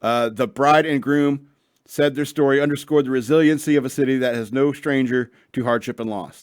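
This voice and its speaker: A man's voice: mid-range voice, normal speed, dry recording. A male talk show host chats loosely in a mid-range voice and tosses off dry, sarcastic asides. The recording is close and dry, with no room sound. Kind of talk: casual solo podcast talk.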